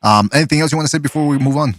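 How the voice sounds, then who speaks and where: A man hosting a podcast and taking callers, talking in an excitable, chatty way and swearing casually. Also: on the high side, very fast, slight background noise. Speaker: podcast host.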